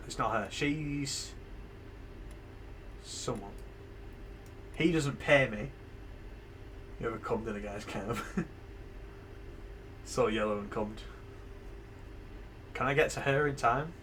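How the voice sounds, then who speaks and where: A man's voice: mid-range voice, slow pace, pauses often, a bit bright, a little hiss or hum. A man casually live-streaming a game, thinking aloud, swearing freely and laughing. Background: game music.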